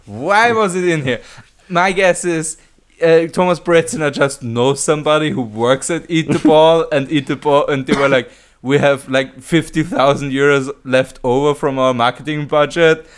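A man's voice: fairly high pitch, moderate pace, clean tone. A young man co-hosting a casual comedy podcast, joking crudely and laughing often. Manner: loud laughing, crude banter. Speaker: podcast co-host.

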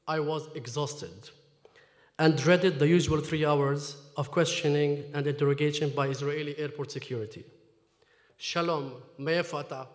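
Man, author from Jerusalem; emphatic talk and reading, slightly high pitch, reverberant hall. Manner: emphatic, questioning the audience. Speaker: author at book launch. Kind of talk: talk then reading from his memoir. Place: lecture hall.

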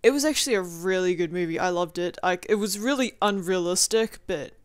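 Rambling young woman with a smooth voice. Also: lowish voice, brisk, no echo, studio quality. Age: young adult. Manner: rambling, profane, filler-heavy with lots of "like". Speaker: vlogger. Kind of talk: casual video diary.

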